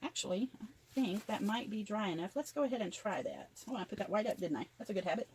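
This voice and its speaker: A woman's voice: medium pitch, animated, quick pace, darkish tone, slight background noise, low-quality recording. An older woman chattily narrating each step of a craft tutorial as she works. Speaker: craft vlogger.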